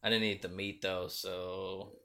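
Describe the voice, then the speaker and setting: Low-voiced man making dry quips. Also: level tone, measured pace, bright, forceful tone. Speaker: podcast co-host. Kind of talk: casual chat.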